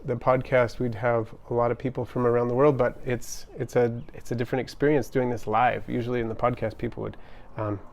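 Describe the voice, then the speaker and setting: A man's voice: mid-range voice, little pitch movement, fairly quick, creaky, hardly any pauses, a little mellow. Chatty man hosting a pet livestream. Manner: chatty, upbeat, frequent ums and restarts. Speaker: livestream host. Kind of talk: casual live-stream chat, reading comments. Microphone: camera on tripod.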